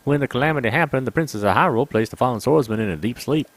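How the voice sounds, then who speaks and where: A man's voice: mid-range voice, rapid-fire, dry recording, natural voice. A man voicing a young female desert chief in a game, speaking in a formal, commanding way. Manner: formal, imperious.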